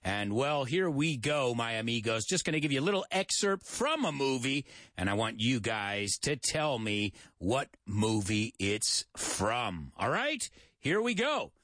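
An American man hosts a casual English lesson as teacher and show host, joking, repeating words and spelling them out for learners. His medium-pitched voice is very animated and a bit bright at a measured pace, in studio-quality sound with no echo.

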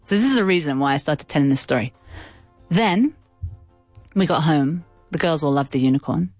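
A woman hosts a radio show and tells a long story in a casual, rambling way, stopping often for fillers and asides. Her voice is fairly low and swings widely in pitch, and the studio sound is dry and close. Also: lively intonation, normal speed, a little mellow, dry recording, faint music behind. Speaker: radio host. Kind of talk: casual chat.

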